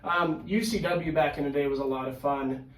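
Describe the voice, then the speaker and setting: Animated man telling stories in an echoey room. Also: on the high side, moderate pace. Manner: animated, swears freely, full of fillers. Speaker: podcast guest, pro wrestler. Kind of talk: casual storytelling chat. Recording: echoey room, mic at a distance.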